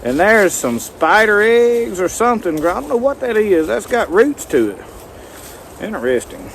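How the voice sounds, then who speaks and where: A man's voice: high voice, very animated, normal speed, creaky, a little hiss or hum. A man, rambling folksy as he talks to the viewer through a camera mic outdoors in the woods. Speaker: outdoor vlogger. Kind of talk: casual outdoor demonstration. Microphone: handheld camera mic.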